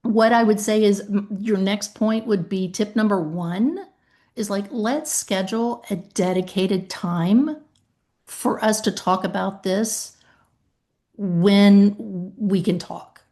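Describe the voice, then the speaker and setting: A woman's voice: mid-range voice, slow, dark tone. A woman hosting a podcast in casual conversation, speaking emphatically and acting out calls with claimants. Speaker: podcast host and author.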